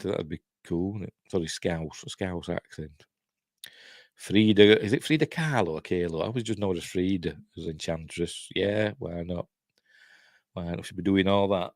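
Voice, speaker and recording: Dry-humoured older Yorkshire man, low voice. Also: darkish tone, dry recording. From Yorkshire, England. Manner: musing aloud with dry wry asides, often trailing off. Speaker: host of a live news stream. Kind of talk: casual chat.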